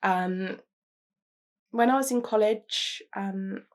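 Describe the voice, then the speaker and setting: A woman's voice: medium pitch, slow. Candid young woman, reflective. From London, England. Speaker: interviewee. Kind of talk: personal testimony to camera.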